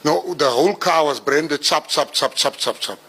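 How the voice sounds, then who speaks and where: A South African man in his forties, telling life stories to an audience in an animated way, building to laughing punchlines. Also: fairly high pitch, moderate pace, slightly rough, low-quality recording. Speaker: public speaker. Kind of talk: storytelling talk.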